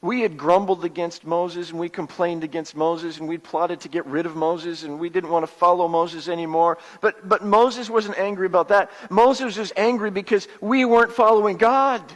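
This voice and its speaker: Male pastor as a wary Israelite dad, high voice, church-hall reverb, halting storyteller. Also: steady tone, lightly acted. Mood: reflective. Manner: storytelling, confiding, halting repeats. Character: humble Israelite father, wary, plainspoken. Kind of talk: first-person dramatic monologue.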